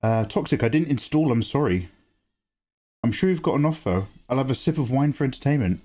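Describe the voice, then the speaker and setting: A man hosts a drawing livestream, reading out chat and bantering. His pitch swings widely as he jokes, and he swears without a second thought. His voice sits in an ordinary middle register. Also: lively intonation, brisk, warm tone. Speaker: livestream host. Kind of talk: casual chat while drawing.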